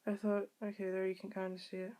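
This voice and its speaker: A woman's voice: mid-range voice, monotone, quick pace, dark tone. A young woman talking casually to the camera at home, rambling and candid with many ums and restarts. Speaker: vlogger.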